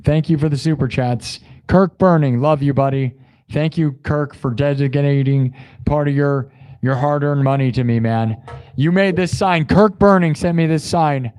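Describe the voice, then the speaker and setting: Chatty male streamer, hoarse from yelling. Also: on the high side, normal speed. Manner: chatty, effusive, thanks viewers, swings between loud hype and quiet asides. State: sore throat from yelling. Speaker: live music streamer. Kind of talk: casual live-stream chat to viewers.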